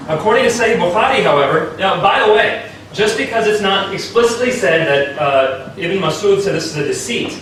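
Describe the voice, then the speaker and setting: A man giving a formal debate speech, arguing and citing sources one after another, with his pitch jumping up on key points. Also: animated, a bit bright, a little hiss or hum. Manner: argumentative, citing sources in quick succession. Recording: echoey hall, distant mic.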